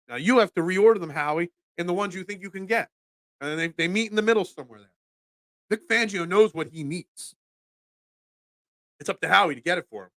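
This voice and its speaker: A man hosts a morning sports talk stream, and his voice sits high and bright. He rants in an animated way and pokes fun at himself. The close mic gives a dry sound with no room echo. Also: fairly quick. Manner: animated, ranting, self-deprecating. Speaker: sports talk show host.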